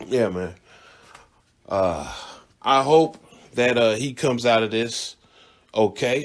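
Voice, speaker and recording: A man hosting a radio show, telling a story in a casual, blunt, profane monologue and laughing along the way. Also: medium pitch.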